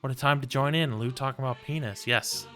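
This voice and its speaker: Bright-voiced, swearing male game streamer. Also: medium pitch, a little fast, faint music behind. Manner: rambling, swears freely, coos to his cat. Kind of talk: casual gameplay commentary.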